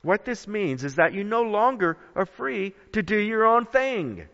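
Male preacher, high animated delivery, unhurried; dull lo-fi sound with long reverb. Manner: dramatic, emphatic, drawn-out phrasing. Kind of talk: sermon.

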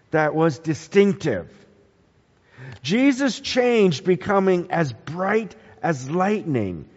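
A man preaching a sermon, animated, asking the congregation questions. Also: sits high. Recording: echoey hall, dull lo-fi sound.

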